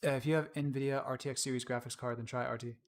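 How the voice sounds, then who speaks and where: A man casually explaining his work on a live-streamed software tutorial, chatting and laughing at his own slips. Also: medium pitch, little pitch movement, fast. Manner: casual, laughs often, self-deprecating.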